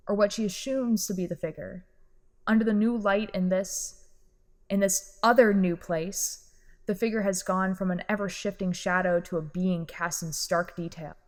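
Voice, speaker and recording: A woman narrating a horror audio drama in a quiet, measured storytelling manner. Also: lowish voice, big-room sound.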